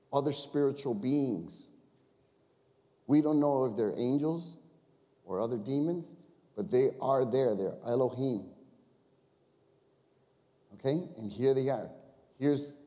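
Man, pastor, sermon, animated, conversational, rhetorical questions, long church reverb. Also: medium pitch.

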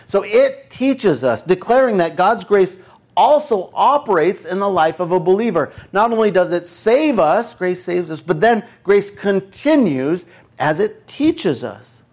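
A man, a pastor, preaching a sermon in a conversational, animated storytelling way. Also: high-pitched.

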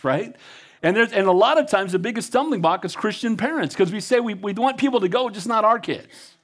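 Guy preaching a sermon, kinda high voice, gets fired up and reads scripture. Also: lively intonation, quick pace, fairly bright tone. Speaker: pastor.

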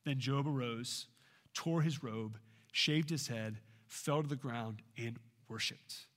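A man delivering a sermon as a pastor, preaching emphatically with swings in pitch and loudness. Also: takes it slowly.

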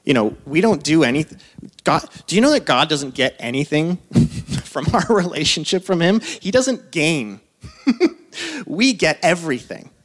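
A man in his thirties who is a pastor, preaching a sermon in a casual, conversational way, full of asides and quick laughs. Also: fairly high pitch, sing-song, a bit bright. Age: 30s.

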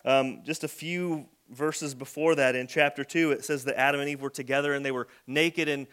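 A man's voice: medium pitch, steady tone, normal speed, a bit bright, clear, resonant tone. A man preaching a conversational sermon as a pastor, telling everyday stories. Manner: conversational storytelling with acted kid voices.

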